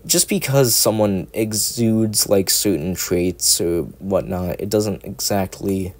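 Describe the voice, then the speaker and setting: Young man, rambling chat, slightly low voice, swears a lot, self-mocking, cheap home mic. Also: takes it slowly. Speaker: ASMR content creator. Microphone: cheap home microphone.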